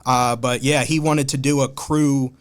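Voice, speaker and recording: A man from Ohio chats as a podcast guest, in a mid-pitched voice. He tells his stories in a laid-back, slangy way, drifting between thoughts with easy asides. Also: steady tone, unhurried. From Columbus, Ohio. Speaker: podcast guest, hat designer. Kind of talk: casual conversation.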